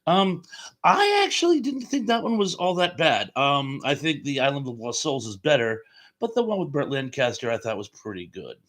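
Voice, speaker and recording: A man's voice: mid-range voice, very animated, moderate pace, fairly bright tone. Chatty man hosting a live chat. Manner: chatty, reads viewer comments aloud, chuckles often. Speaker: live stream host reading chat.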